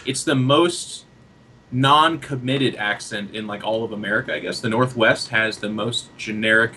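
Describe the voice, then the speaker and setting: A man's voice: mid-range voice, moderate pace, a little hiss or hum. A man from the Seattle area co-hosting a podcast, chatting casually and animatedly. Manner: animated, mimics angry commenters. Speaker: podcast co-host. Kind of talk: casual chat.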